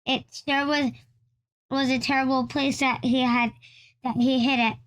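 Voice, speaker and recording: A woman's voice: sits high, level tone, unhurried. A woman reading a children's storybook aloud, often stumbling and restarting lines. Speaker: storybook reader.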